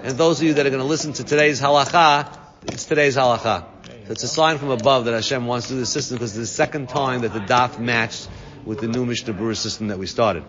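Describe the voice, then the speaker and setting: Quick-talking man teaching a Talmud class. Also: medium pitch, crowd noise. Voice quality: quick, translates each Aramaic phrase into English. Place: classroom with students. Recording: dull lo-fi recording, long reverb.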